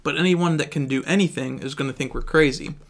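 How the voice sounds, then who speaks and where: A man chewing gum reads the part of a wisecracking young male sidekick in a flat, plain way. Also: on the high side, fast talker. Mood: wry. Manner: plain, flat line reading. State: chewing gum, mouth full.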